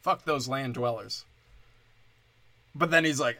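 A man's voice: medium pitch, slow pace, pushed and bright, no room sound. A male comedian ranting sarcastically, crude and full of curses. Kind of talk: profane comedic rant.

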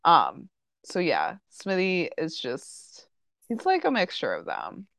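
A woman's voice: on the low side, wildly swooping pitch, slow, gravelly, a bit bright, dry recording, clean studio sound. A woman hosting a casual podcast chat, recapping a TV episode and peppering her talk with "like" and "um". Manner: chatty, full of "like" and "um" fillers. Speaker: podcast host.

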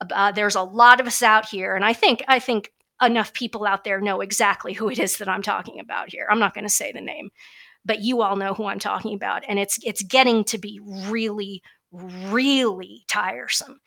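A woman's voice: mid-range voice, sharp tone. A woman giving a blunt, emphatic opinionated monologue as a religious commentator, with frequent fillers and restarts.

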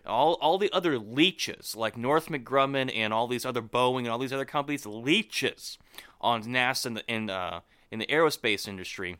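A man co-hosting a podcast, ranting in an animated way during casual chat. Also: medium pitch, moderate pace, clean tone, no room sound. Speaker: podcast co-host.

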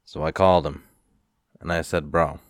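Deep-voiced man ranting casually. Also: steady tone, measured pace, dry recording, clean studio sound. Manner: rambling, profane, sighing. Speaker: vlogger. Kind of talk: casual storytelling rant.

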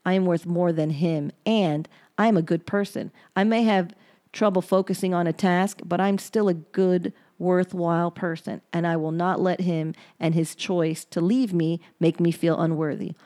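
A woman's voice: on the low side, steady tone, moderate pace, warm tone. A woman hosting her own podcast, reading her old journal aloud and reflecting on it in a candid way, with some blunt swearing. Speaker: podcast host.

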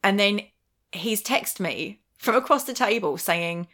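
A woman chatting casually, an animated storyteller who acts out what people said and laughs often. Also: on the low side, moderate pace. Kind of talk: casual chat.

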